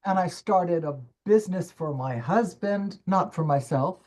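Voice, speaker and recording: An older woman speaks on a video call as a summit guest, a coach recounting her path with emphatic, expressive storytelling. Her voice sits somewhat low for a woman, and she acts out her own inner dialogue with dramatic turns. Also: a little slow. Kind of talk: personal storytelling interview.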